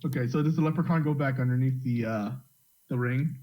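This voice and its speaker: A man's voice: mid-range voice, fairly quick. A man playing in a tabletop game, talking casually and exclaiming in surprise. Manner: animated, exclaiming. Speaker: player. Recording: dull lo-fi mic.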